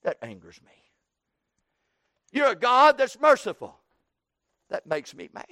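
A preacher acting out a bitter, resentful prophet. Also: male voice, extremely high pitch, very animated, normal speed, sharp tone, dry recording, clean studio sound, heavily acted. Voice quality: indignant, emphatic complaining.

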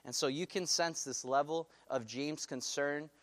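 A male pastor preaching a sermon, animated and putting questions to his congregation. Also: fairly high pitch, a little slow.

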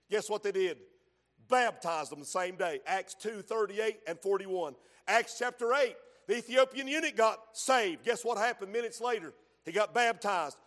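High-voiced preacher in a reverberant hall. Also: male voice, expressive, moderate pace, fairly bright tone. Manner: fervent, punctuated with frequent amens. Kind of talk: sermon.

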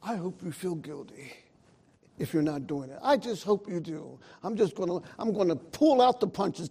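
A man preaching a sermon, calling out to his congregation and rising into loud, emphatic bursts. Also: high voice, animated, normal speed, gravelly, breathy edge.

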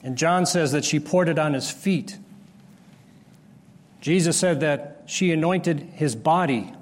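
A man preaching a sermon, explaining a Bible passage step by step and pausing to restart his phrases. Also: on the high side. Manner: explanatory, rises sharply when acting out the disciples' scolding. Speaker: pastor. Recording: long hall reverb.

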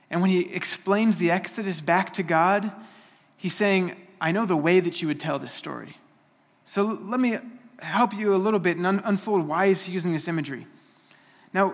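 A man's voice: high-pitched, long reverb tail. A man preaching a sermon, earnest and emphatic, often restarting his phrases.

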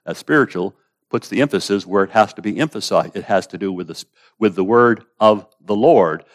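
Male preacher, low voice, declamatory sermon delivery with hushed asides. Casting note: quotes old-style scripture. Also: normal speed. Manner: declamatory, swinging between raised emphasis and hushed asides.

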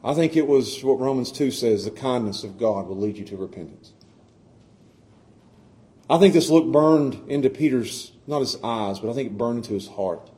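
A middle-aged male pastor delivers a sermon at medium pitch and a moderate pace. He moves between hushed, tender passages and loud, impassioned ones, often stammering when he restarts.

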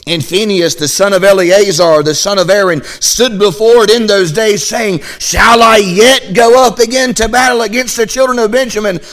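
A man preaching a midweek sermon as pastor, reading scripture and acting out the Israelites' voices in an animated, folksy style. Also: high-pitched, normal speed, few pauses.

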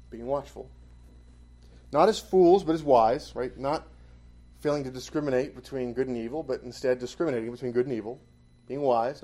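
Guy preaching, warm mellow voice, leans hard on the big lines. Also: medium pitch. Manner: emphatic, punching key phrases louder. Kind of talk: sermon.

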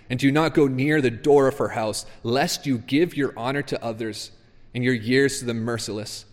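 Earnest male preacher in a reverberant hall. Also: mid-range voice. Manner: earnest, emphatic preaching, reading scripture aloud. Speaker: pastor. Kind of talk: sermon. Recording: long reverb of a large hall.

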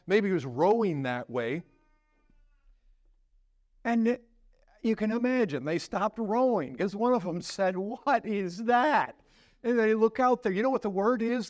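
A man serving as pastor delivers a sermon, bringing a story to life. His voice sinks low and soft, then builds in intensity as he poses rhetorical questions to the congregation.

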